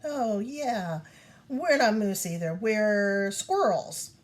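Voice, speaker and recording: A woman's voice: on the low side, huge pitch swings, fast talker. A woman voicing a goofy male moose who jokes and plays along in a storybook reading. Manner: joking, playing along.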